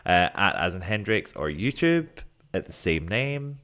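A man's voice: low voice, sing-song, unhurried, pushed and bright. A man, co-hosting a podcast in playful, giggly banter. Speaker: podcast co-host. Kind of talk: casual chat.

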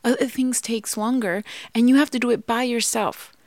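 A woman's voice: on the high side, steady tone, moderate pace, darkish tone, dry recording. A woman co-hosting a podcast, giving earnest, emphatic advice on marriage and forgiveness. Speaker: podcast co-host. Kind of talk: heartfelt marriage advice talk.

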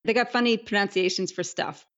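A woman's voice: mid-range voice, brisk, a bit bright, lo-fi sound. A Canadian woman, a leadership speaker, joining a podcast interview remotely and reflecting on adventure.

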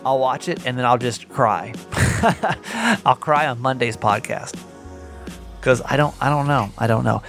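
A man's voice: medium pitch, expressive, measured pace, pauses often, fairly bright tone, soft background music. A man hosting a podcast in casual chat, rambling and repeating himself as he talks. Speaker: podcast host.

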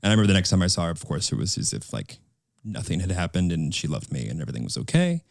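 A man's voice: deep voice, wildly swooping pitch, rapid-fire, gravelly, dry recording, clean studio sound. A young man co-hosting a podcast, telling a personal story candidly and emotionally with many restarts. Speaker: podcast co-host. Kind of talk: casual podcast chat.

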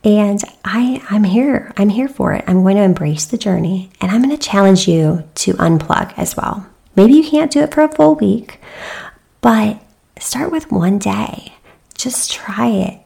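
A woman's voice: medium pitch, lively intonation, a little slow, vocal fry, mellow. A woman in her thirties hosting a solo podcast, talking earnestly and encouragingly, with many fillers and restarts. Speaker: podcast host. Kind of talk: reflective solo podcast talk.

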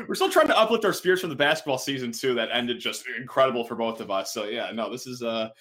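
A young male podcast host chats about college football with a guest. He talks fast in a middle register, excitable and jokey, laughing often. He sounds like he is on a remote call. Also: medium pitch. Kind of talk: casual sports podcast chat.

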